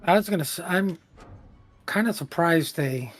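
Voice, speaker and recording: Casual male co-caster with a slightly higher voice, halting and chatty. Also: lively intonation, soft background music. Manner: loose, hesitant, full of fillers. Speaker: co-commentator. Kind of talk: casual live game commentary.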